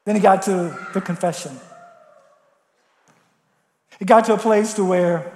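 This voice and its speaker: A man preaches with strong feeling, his voice sitting very high for a man. He swings between loud appeals and soft, hushed prayer. The sound rings through a large, echoey church hall. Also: measured pace. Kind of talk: sermon.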